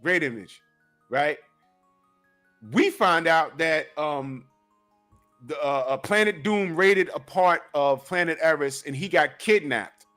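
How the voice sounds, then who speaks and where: A middle-aged man with a high voice hosts a casual chat, telling stories in an animated way. He acts out his own reactions and often stumbles over repeated words and fillers. Faint music plays behind him. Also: slow, long pauses. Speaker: host. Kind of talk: casual chat about cartoons.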